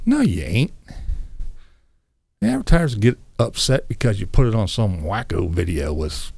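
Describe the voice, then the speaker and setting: A blunt, foul-mouthed man rants on his vlog, his voice swinging widely in pitch. It is gravelly and dark, sitting a bit high, and recorded dry and close. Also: no room sound. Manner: blunt, crude, combative. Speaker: vlog host. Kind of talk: profane ranting vlog.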